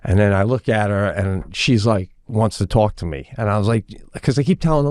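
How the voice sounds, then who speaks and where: A middle-aged man co-hosting a podcast, telling a story in a casual, animated way and acting out the voices of the people in it. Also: fairly low pitch, brisk, few pauses, dry recording, clean studio sound. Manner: animated, acts out quoted voices. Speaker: podcast co-host.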